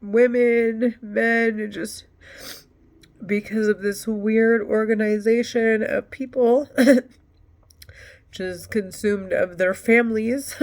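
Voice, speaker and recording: A woman vlogging alone, rambling in a halting way with sighs and nervous laughs. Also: lowish voice. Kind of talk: rambling monologue to camera.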